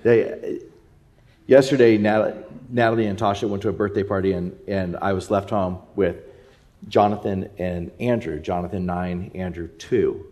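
A man's voice: low-pitched, fairly even intonation, measured pace, darkish tone. A man in his thirties, a pastor telling a rambling family story in a sermon with many fillers.

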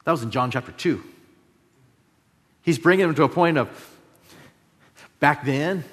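A man preaching a sermon, moving between loud emphasis and hushed, drawn-out phrases. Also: mid-range voice. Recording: long hall reverb.

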